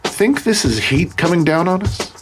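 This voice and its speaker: A man's voice: high voice, big pitch swings, moderate pace, over music, pitched above the performer's own voice. A man voicing a jittery young male garage worker who speaks hesitantly. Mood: nervous. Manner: hesitant, nervous.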